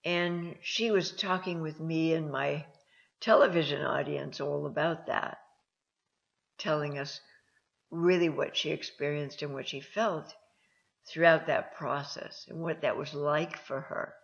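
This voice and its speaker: Slow, gravelly-voiced woman telling stories. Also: sits low, fairly even intonation. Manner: slow, halting, with many ums and restarts. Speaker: host and counselor. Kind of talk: personal storytelling talk. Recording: dull lo-fi sound.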